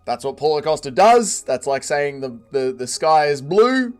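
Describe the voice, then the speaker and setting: Hosting a casual livestream, a man with a slightly high, smooth voice speaks at a moderate pace. He greets chat, banters, and jokes around in an animated way, with faint music in the background.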